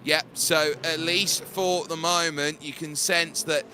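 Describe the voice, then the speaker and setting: A man calling an online race as lead commentator, energetic and rapid-fire in his play-by-play. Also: a little high, a little hiss or hum.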